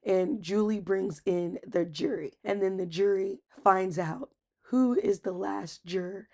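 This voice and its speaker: Casual recap host: a woman with a husky, breathy voice and some gravel, chatty. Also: medium pitch, a little slow. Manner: chatty, acts out quotes with animated voices.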